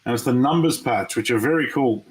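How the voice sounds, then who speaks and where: An Australian man runs a live trading card break, his medium-pitched voice brisk over poor audio. He chats casually with viewers, gets excited over each pull, and keeps up a running live-stream commentary.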